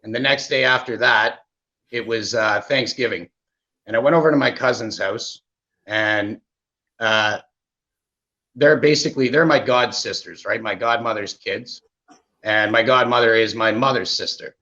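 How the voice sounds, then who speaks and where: Canadian man guest, candid personal storytelling, mid-pitched, slightly muffled lo-fi audio. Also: normal speed. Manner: animated, with frequent "right?" asides. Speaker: podcast guest.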